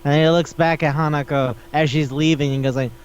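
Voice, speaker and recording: A man with a fairly high voice co-hosts a casual anime chat and swears freely. He jumps into quick put-on voices for the characters as he retells scenes. The sound is dull and lo-fi. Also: smooth. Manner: animated, profane, acts out characters in quick voices. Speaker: podcast co-host.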